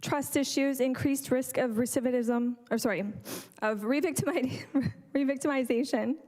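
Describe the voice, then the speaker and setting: Public delegate, woman, high voice, earnest prepared statement, self-correcting, in a reverberant chamber. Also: normal speed, darkish tone. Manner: earnest, apologizes and corrects herself mid-sentence. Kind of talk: reading a prepared statement to council. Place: council chamber lectern.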